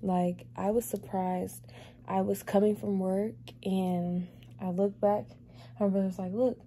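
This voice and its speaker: A young woman vlogging in a casual chat, doting and talking baby talk to her cat, sometimes drifting into soft whispers. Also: medium pitch, little pitch movement, slow pace, a little hiss or hum.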